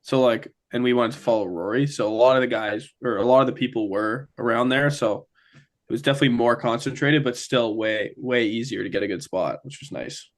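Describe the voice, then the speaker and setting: A man's voice: mid-range voice, brisk. A young man from Ontario, telling a story as a guest in casual chat, full of fillers. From Ontario, Canada. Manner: chatty, many fillers.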